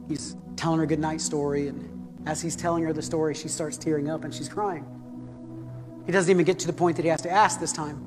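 Male pastor, sermon storytelling, fervent peaks, long hall reverb, music behind. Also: on the high side. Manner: storytelling, rising to fervent emphasis.

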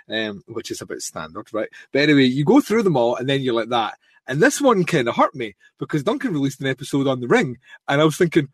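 A Scottish man co-hosting a podcast in casual chat, telling a story with lively swearing and quick impressions of others. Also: medium pitch, no echo, clean studio sound. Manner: animated storyteller, swears freely, mimics others. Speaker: podcast co-host.

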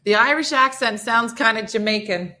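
A chatty woman from New Jersey hosts a casual morning show, rambling from one thought to the next. Her voice is bright and forward, and she laughs easily. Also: fairly high pitch, moderate pace. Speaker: show host.

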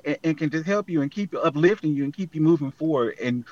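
Earnest man with a higher voice. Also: animated, quick pace, a little mellow, dry recording, highs cut off. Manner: earnest, motivational, heartfelt. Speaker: guest, app founder. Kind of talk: casual interview conversation.

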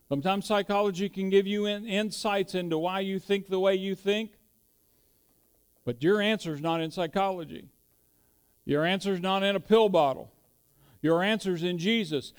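A man's voice: high-pitched, clean tone. A middle-aged man preaching a sermon, mixing folksy storytelling with emphatic declarations. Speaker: pastor.

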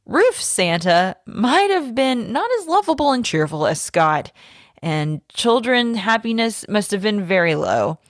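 A woman podcast host reading a fan theory aloud, with lively storytelling emphasis. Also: mid-range voice, a little slow, no echo, clean studio sound.

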